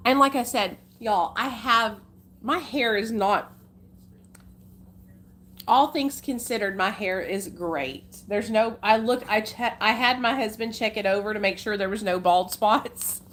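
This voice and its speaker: A young woman with an Arkansas country accent hosts a livestream, chatting casually and folksily with viewers and calling them "honey" and "y'all." Her medium-pitched voice is a bit bright and measured in pace, with slight background noise.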